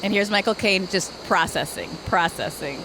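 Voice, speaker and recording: A woman's voice: medium pitch, moderate pace, background noise. A woman guest in casual podcast chat, talking with enthusiasm in rambling, filler-heavy sentences.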